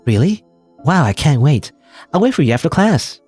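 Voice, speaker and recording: A man's voice: on the high side, big pitch swings, normal speed, a little mellow, faint music behind, pitched above the performer's own voice. A man voicing a lonely, clingy teenage schoolgirl with a creepy edge in a visual novel, pleading and sweetly insistent. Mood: eager.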